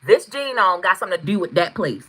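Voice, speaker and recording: A woman doing a live tarot reading, chatting with viewers, excitable and swearing freely. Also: lowish voice, fast, poor audio. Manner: excitable, swearing, bursts into shouts. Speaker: tarot reader.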